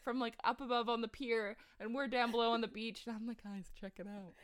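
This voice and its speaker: A woman's voice: a little high, fast. A young woman co-hosting a podcast, chatting casually and giggling, filling her speech with "like". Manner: giggly, says "like" a lot, lively. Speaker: podcast co-host. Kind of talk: casual chat.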